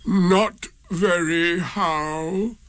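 Guy doing a gloomy old donkey, super slow and draggy, higher and kinda strange sounding, storybook voice. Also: fairly even intonation, fairly bright tone, heavily acted. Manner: slow, dragging, sighing delivery. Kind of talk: storybook reading.

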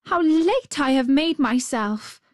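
A woman voicing an eager, anxious little girl in a storybook reading, with high, breathless exclamations. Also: expressive, takes it slowly, no room sound, clean studio sound.

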